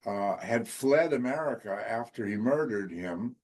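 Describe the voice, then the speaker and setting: A man's voice: medium pitch, animated, unhurried, a little mellow. A man on a comedy panel telling a long anecdote in a chatty, storytelling way. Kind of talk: comic storytelling.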